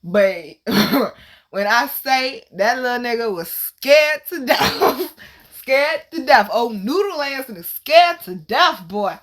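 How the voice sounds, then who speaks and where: Taking it slowly, a Virginia woman who hosts a channel shares a personal story in a brash, fairly high-pitched voice. She laughs, swears, and stays animated, acting out the story's people as she goes.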